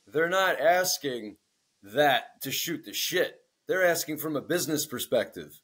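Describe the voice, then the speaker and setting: A man in his forties co-hosting a podcast, telling profane, animated stories in casual chat and acting out the people he quotes. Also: on the high side, unhurried, husky. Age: 40s. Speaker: podcast co-host.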